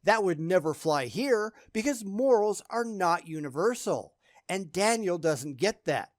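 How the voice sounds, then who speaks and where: A man's voice: sits high, lively intonation, measured pace, no echo, clean studio sound. A man giving sarcastic reaction commentary, blunt and scornful in how he talks.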